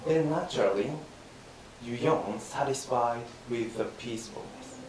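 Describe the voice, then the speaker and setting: A man playing an older yawning teacher in rakugo comic storytelling, speaking in a calm, instructive way. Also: medium pitch, measured pace, voice pushed down, lightly acted. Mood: calm instructing. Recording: roomy, distant mic, faint hiss.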